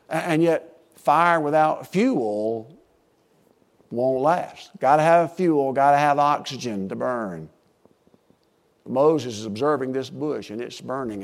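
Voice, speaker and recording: Gravelly older man preaching. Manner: emphatic, swings between hushed and booming, drawn-out stressed words. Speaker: pastor. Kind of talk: sermon.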